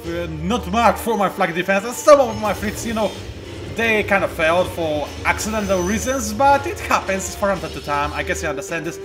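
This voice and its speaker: A man casually commentating a strategy game he is playing, animated and self-mocking, with bursts of excitement. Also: high-pitched, a little fast, over music. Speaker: let's play host.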